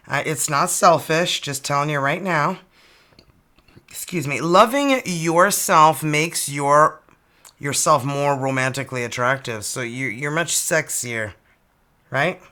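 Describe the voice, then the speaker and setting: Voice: mid-range voice, sharp tone. A tarot reader from Canada giving a casual, chatty reading and exclaiming over each card as it turns up.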